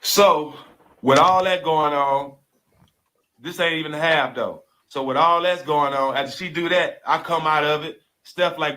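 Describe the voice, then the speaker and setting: A man's voice: on the high side, unhurried, bright, forceful tone. A man telling an emotional personal story in casual talk, profane and repetitive, often calling listeners bro and dog.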